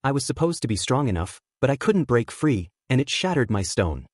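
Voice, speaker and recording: A man's voice: mid-range voice, very animated, a little fast, dry recording, clean studio sound. A man voicing an earnest teenage boy hero who blames himself, in a raised, emotional delivery. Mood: upset.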